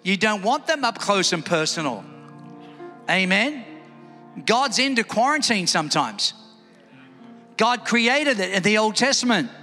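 Man preaching, high bright voice, lively, echoey hall, faint music. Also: a little slow, long pauses. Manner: lively, calls for congregation responses. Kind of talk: sermon. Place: church hall.

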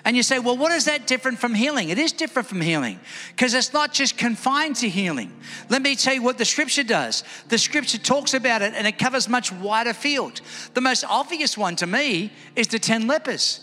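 Bright high-voiced male preacher. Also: brisk. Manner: lively, calls for congregation responses. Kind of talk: sermon. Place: church hall. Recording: echoey hall with faint music.

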